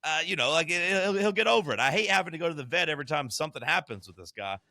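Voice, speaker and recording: Man, podcast co-host, blunt, profane, joking, bright voice, dry close sound. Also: on the high side, animated, fast talker, no room sound. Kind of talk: casual chat.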